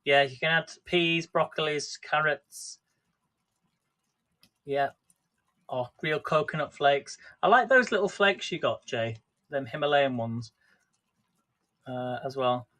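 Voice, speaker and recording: A man's voice: on the high side, takes it slowly, pauses often, sharp tone. Chatty man hosting a live cooking stream. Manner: rambling, chatty, addresses viewers by name. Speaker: livestream host. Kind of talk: casual live cooking chat.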